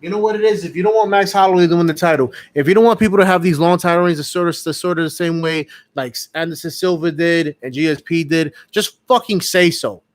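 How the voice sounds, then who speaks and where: A man's voice: fairly high pitch, quick pace, few pauses. A man co-hosting a live fight reaction show, ranting heatedly with lots of profanity and repetition. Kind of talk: casual live reaction chat.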